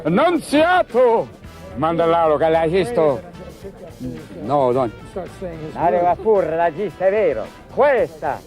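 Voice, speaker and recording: A man speaking slowly and dramatically, booming out lines. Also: very animated, over music.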